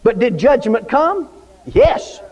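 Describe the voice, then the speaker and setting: A man's voice: extremely high pitch, big pitch swings, slow pace, a little mellow. A man preaching a sermon in a church, fervent and repetitive, often calling out for amens. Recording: dull lo-fi recording with long church reverb.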